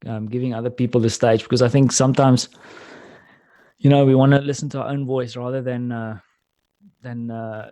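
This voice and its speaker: A friendly storyteller with a mellow, warm tone, a man from South Africa who is a guest on a podcast. He talks in easy, casual chat. The sound is close and dry. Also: medium pitch, fairly even intonation, normal speed, no echo.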